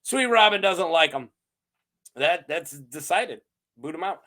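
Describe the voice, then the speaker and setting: A man casually recapping fantasy story lore, playful and quick to laugh, with lots of fillers. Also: fairly high pitch. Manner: playful, animated, laughs often, many fillers. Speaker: host of a fantasy lore channel.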